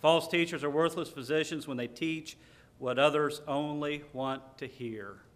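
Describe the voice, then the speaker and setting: Man, preacher, sermon delivery, emphatic, reads scripture, slightly higher pitch. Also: a little slow. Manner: emphatic, stresses key words, reads scripture aloud.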